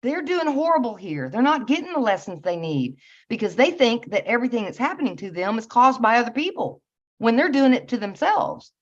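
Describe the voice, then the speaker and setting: A woman giving a casual spiritual talk, earnest and meandering, with soft laughs and many fillers. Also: a little high, sing-song, brisk. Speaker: spiritual channel host. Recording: slightly dull lo-fi audio.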